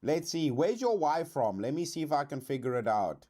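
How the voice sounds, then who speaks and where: A man from South Africa with a South African accent, hosting a casual livestream reaction chat in a slangy, swearing, animated way. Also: fairly high pitch, moderate pace. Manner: animated, slangy, says dude a lot, swears. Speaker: streamer host.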